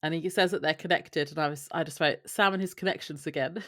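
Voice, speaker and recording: A woman with a lowish voice chats easily on a podcast. She talks in a relaxed way and mostly adds brief, agreeing replies. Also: fast. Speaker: podcast co-host. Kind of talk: casual chat, reacting to a TV recap.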